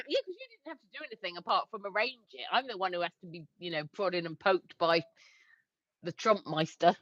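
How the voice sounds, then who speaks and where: A woman's voice: lowish voice, expressive, a little fast, bright, forceful tone, no room sound. A woman co-hosting a casual livestream, laughing often and reading viewer comments aloud. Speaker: livestream co-host. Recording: dry, slightly dull lo-fi stream audio.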